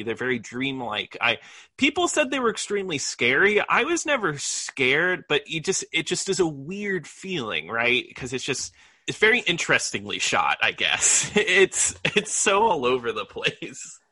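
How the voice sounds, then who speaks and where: Bright, tense-voiced man reviewing a film. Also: mid-range voice, measured pace, husky, no room sound. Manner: enthusiastic, animated reactions. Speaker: podcast co-host. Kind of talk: casual movie review chat.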